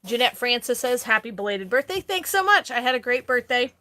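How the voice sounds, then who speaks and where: A middle-aged woman hosting a casual live stream, chatty and quick to laugh as she reads viewer comments aloud. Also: on the high side, sing-song, bright, forceful tone. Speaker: host, online reseller.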